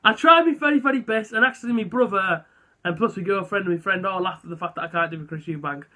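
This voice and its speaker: A young man chatting casually to camera, rambling and self-deprecating with lots of fillers. His voice is high and bright. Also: quick pace. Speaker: vlogger. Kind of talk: casual vlog chat.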